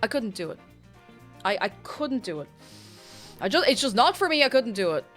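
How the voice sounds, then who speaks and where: Young adult woman, streamer; casual, animated chat with wide pitch swings, some faint music in the background. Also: moderate pace. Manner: animated, self-interrupting, chatty with viewers. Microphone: desk microphone.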